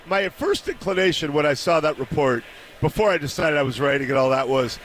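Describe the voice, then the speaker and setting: A man appearing as a guest sports writer on a radio show, telling wry, animated stories with halting restarts. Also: fairly high pitch, a little hiss or hum. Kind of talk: casual chat. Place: broadcast booth on a convention radio row.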